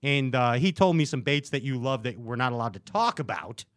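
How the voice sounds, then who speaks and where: A man hosting a casual podcast, joking and playful, with bursts of excitement. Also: medium pitch, brisk, no echo, clean studio sound. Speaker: podcast host.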